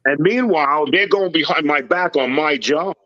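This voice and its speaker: A man's voice: a little high, moderate pace, pushed and bright, dry recording, muffled recording. A man telling personal stories in a casual interview, blunt and tough-talking, acting out what people said.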